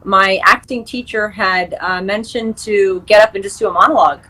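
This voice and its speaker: Bright-voiced young woman, chatty guest. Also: mid-range voice, steady tone, normal speed, poor audio. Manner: chatty, many fillers and restarts, laughs easily. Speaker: guest, actress and screenwriter. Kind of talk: casual interview chat.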